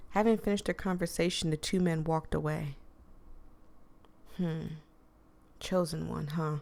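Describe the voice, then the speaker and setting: A woman's voice: low voice, steady tone, a little slow, gravelly, pauses often, a little mellow. A woman playing a horror visual novel, reading the narration aloud and breaking off into chatty, rambling asides. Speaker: gaming streamer.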